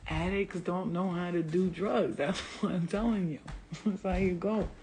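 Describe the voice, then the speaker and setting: A woman's voice: on the low side, a little slow, a little mellow, slight background noise. A woman hosting a casual livestream as a spiritual healer, talking bluntly and profanely and laughing often as she answers viewers. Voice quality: gravelly, husky.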